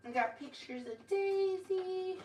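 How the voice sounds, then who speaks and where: A woman's voice: very high-pitched, lively intonation, takes it slowly, noisy background. A woman hosting a casual live stream, talking emotionally and often tearfully. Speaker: livestream host.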